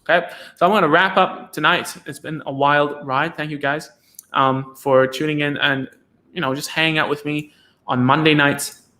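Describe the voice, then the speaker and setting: A man's voice: a little high, steady tone, normal speed, sharp tone. A man hosting a live stream as a speech therapist, talking casually with lots of restarts and tag questions like "right?" and "okay?".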